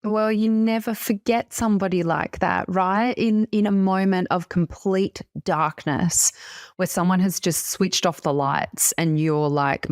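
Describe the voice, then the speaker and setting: A woman hosting an interview, responding with warmth and sympathy. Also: fairly low pitch, fairly even intonation, a little slow, dry recording, clean studio sound. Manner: warm, empathetic questioning. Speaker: host. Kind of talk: interview conversation.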